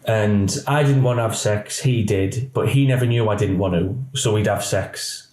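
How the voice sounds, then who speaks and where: Ex-cop, animated storyteller. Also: male voice, fairly low pitch, moderate pace, roomy sound, low-quality recording. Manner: animated storyteller acting out quoted dialogue. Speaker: guest, former police officer. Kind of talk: candid podcast interview.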